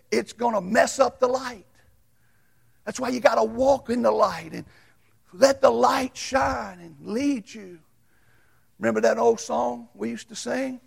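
A man preaching a sermon as a Baptist pastor, folksy and storytelling, swinging from loud to hushed. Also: very high voice, creaky, husky.

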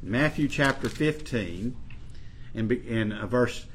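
A man preaches a sermon, reading scripture and explaining it slowly and earnestly, his voice rising for emphasis on the quoted verses. His pitch is medium and expressive, with slight background noise.

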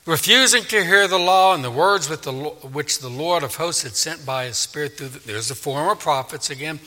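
A man's voice: fairly high pitch, moderate pace, few pauses, pushed and bright. A man preaching an expository sermon, dramatically acting out the voices of God and the people. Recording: echoey hall with long reverb.

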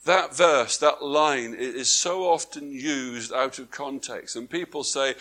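A man preaching a sermon to a congregation, swinging from quiet, drawn-out phrases to emphatic ones and asking his listeners questions. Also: medium pitch. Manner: repeats words for emphasis, asks the congregation questions. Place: church before a congregation, also streamed online.

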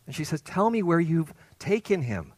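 A man preaching a sermon as pastor, earnest and emphatic, rising to loud peaks and dropping to soft, hushed phrases. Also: a little high, sing-song, moderate pace, dry recording.

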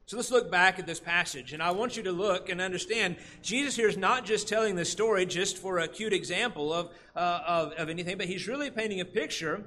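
A man with a high voice preaching a sermon, lively as he acts out the people in the passage. A faint hum of room ambience sits behind him. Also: brisk, few pauses. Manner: animated, acts out the workers' complaints.

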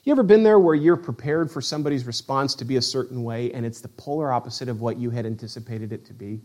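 A man preaching a sermon, reading scripture with slow drama between conversational asides. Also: medium pitch, a little mellow. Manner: reads scripture slowly and dramatically, then talks conversationally. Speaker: pastor.

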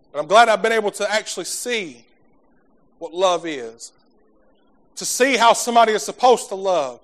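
A man preaching a sermon in a folksy, fervent way, stumbling over repeated words as he talks to his congregation. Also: high voice. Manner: fervent preaching, swells from soft talk to shouting.

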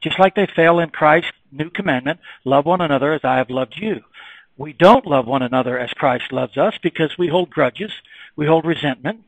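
A man preaching a sermon, emphatic and repetitive, swinging between quiet reflection and raised, insistent passages. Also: on the high side, normal speed, no echo, poor audio.

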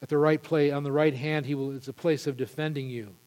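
A male pastor preaching an impassioned sermon, building to loud emphatic peaks. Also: on the high side, fairly even intonation, a little fast, long reverb tail.

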